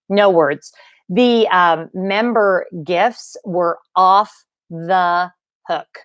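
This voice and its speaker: A woman hosting a casual livestream, chatting excitedly with viewers and rambling, restarting and gushing as she goes. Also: medium pitch, no echo, studio quality. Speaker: livestream host.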